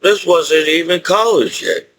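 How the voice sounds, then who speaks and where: A man's voice: a little high, big pitch swings, a little slow, a bit bright, low-quality recording. A middle-aged man telling rambling personal stories in a casual monologue, chuckling often and repeating himself. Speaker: military veteran vlogger.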